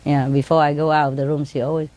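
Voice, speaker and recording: A woman telling casual stories in simple, broken English, laughing often and mimicking her birds in high sing-song tones. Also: level tone, quick pace, noisy background. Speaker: speaker telling stories about her pets. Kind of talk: casual storytelling.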